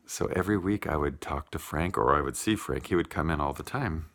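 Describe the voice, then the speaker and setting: Very deep gravelly man, heartfelt. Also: a bit bright. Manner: heartfelt, unhurried, with many pauses and fillers. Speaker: vlogger. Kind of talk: personal storytelling vlog.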